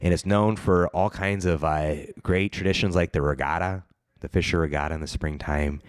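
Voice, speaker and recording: Deep ohio priest on a podcast, joking around, dry close sound. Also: male voice, steady tone, fairly quick, clear, resonant tone, dry recording. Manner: laughs often, teasing. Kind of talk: casual chat.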